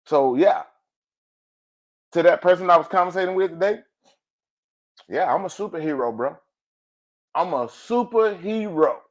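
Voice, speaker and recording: A male podcast host delivers a motivational monologue in a preachy, colloquial style, treating his listeners like family. He calls out "ooh," swings widely in pitch and volume between loud and soft, and speaks at a normal pace with frequent pauses.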